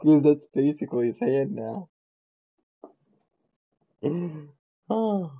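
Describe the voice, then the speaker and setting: A man's voice: on the high side, sing-song, extremely slow, creaky, pauses often, husky, highs cut off. A man giving casual, joking and profane commentary while playing an online card game. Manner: joking, profane, self-mocking.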